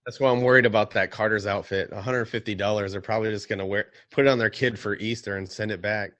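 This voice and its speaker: A man's voice: on the low side, fairly even intonation, quick pace, fairly bright tone, dry recording. A man co-hosting a casual chat, adding plain, matter-of-fact remarks. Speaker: co-host, reseller. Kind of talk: casual chat on a live stream.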